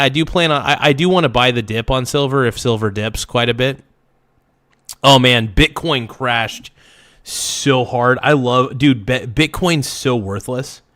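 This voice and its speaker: Chill streamer guy reading chat out loud, says dude constantly, dry close sound. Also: medium pitch, no room sound. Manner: laid-back, calls people dude and man, reads out chat. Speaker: streamer host reacting to a livestream. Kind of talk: casual livestream commentary.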